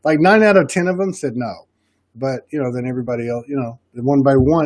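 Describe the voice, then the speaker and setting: A man's voice: medium pitch, fast talker, a little mellow, no echo. Rambling Southern man, dry sound. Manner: rambling, many restarts. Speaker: podcast host. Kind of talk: casual chat.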